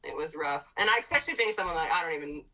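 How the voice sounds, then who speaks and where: A woman's voice: sits low, expressive, very fast, pushed and bright, poor audio. A woman from Ireland, a musician guest in a casual interview, chatty, laughing often and swearing freely.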